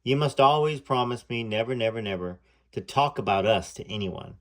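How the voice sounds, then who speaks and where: A man voicing a devout, secretive young woman who speaks softly and imploringly. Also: medium pitch, animated, moderate pace, close to an everyday voice. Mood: pleading.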